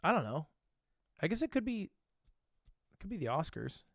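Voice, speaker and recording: Lively, swearing streamer thinking out loud. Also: male voice, high voice, gravelly, no echo, clean studio sound. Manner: thinks aloud, swears casually, quick self-mocking asides. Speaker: livestreamer. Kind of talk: casual livestream commentary while playing a guessing game.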